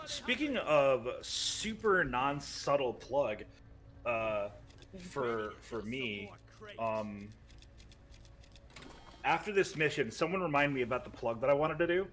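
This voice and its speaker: A man's voice: medium pitch, lively intonation, takes it slowly, pauses often, a bit bright. An American man streaming a game, bantering sarcastically with plenty of swearing and thanking chat. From United States. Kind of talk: casual gaming chat.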